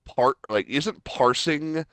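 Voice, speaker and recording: A man's voice: a little high, slow, fairly bright tone, no echo. A young man hosting a game stream, chatting casually and rambling with lots of fillers. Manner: rambling, heavy use of "like". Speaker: host.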